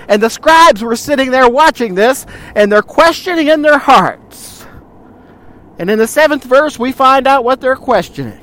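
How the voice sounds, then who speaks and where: A man's voice: extremely high pitch, expressive, measured pace, a bit bright. A male pastor preaching a sermon, speaking directly to the congregation and retelling scripture with rhetorical questions.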